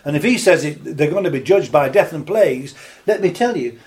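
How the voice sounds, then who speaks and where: A man preaching a sermon, reading scripture slowly and then building into impassioned, rising exhortation. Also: a little high, expressive, darkish tone. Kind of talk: sermon, Bible teaching.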